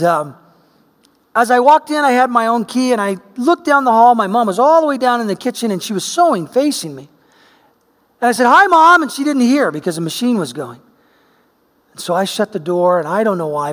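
A man's voice: sits high, big-room sound. A middle-aged man from Oregon preaching a sermon, telling a personal story and acting out the voices in it. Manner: animated storyteller, acts out voices. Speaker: pastor.

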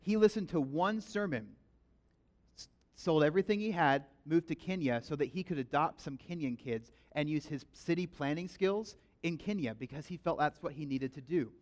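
A pastor giving a sermon, telling stories in an animated, emphatic way. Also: male voice, a little high, moderate pace. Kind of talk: sermon with storytelling.

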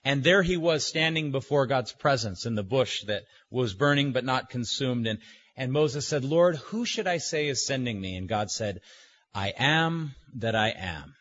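A man preaching a sermon, slow and emphatic, with deliberate pauses. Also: mid-range voice, expressive, a bit bright. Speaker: pastor. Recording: dull lo-fi recording.

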